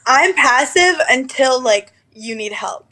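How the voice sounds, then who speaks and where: A woman's voice: sits high, lively intonation, slow, pushed and bright. A young woman chatting frankly as a podcast guest, giggly and playful. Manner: frank, giggly, puts on a cute baby voice. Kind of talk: casual chat.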